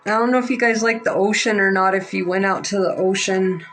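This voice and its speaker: A woman giving a live psychic tarot reading, halting and emotional, close to tears, with many fillers. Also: medium pitch, fairly even intonation, a bit bright, soft background music, poor audio. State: near tears. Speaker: psychic reader.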